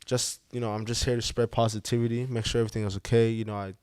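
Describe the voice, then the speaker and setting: A man's voice: mid-range voice, flat delivery, very fast, a little mellow, clear, resonant tone, no echo, clean studio sound. A young man with an African accent, a guest speaking earnestly and from the heart in casual chat, with many fillers. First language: African language. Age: young adult.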